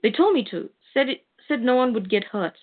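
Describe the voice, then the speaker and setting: A woman voicing a cowardly male armored villain who pleads in a high, whiny voice. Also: expressive, brisk. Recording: tinny phone-like sound.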